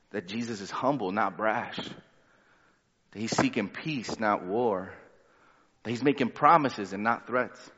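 A man's voice: medium pitch, a bit bright. A man preaching a sermon as pastor, reading scripture and then retelling it in casual, conversational words. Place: church sanctuary. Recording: dull sound with long hall reverb.

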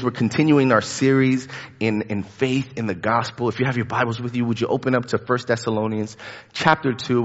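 Medium in pitch with a fairly bright tone, this man in his thirties gives an easygoing sermon in a church sanctuary. He talks chattily, repeating words and using frequent fillers. Expect a dull lo-fi recording with long hall reverb.

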